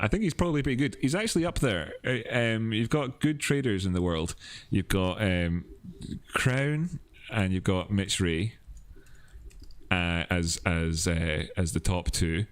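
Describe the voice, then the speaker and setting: Low-voiced man rambling on a livestream. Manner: rambling, laughs often, many fillers and restarts. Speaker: livestream host. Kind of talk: casual livestream chat.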